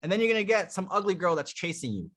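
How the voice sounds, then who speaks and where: A man running a live dating coaching session, talking bluntly with profanity and animated storytelling. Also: sits high, fast talker.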